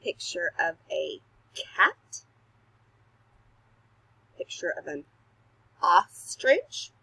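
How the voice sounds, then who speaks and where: A woman teacher recording a phonics lesson for young children at home, sounding out letters slowly and patiently, laughing at her own slips. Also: mid-range voice, bright, forceful tone, breathy edge, low-quality recording. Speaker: kindergarten teacher. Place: home recording, not a classroom.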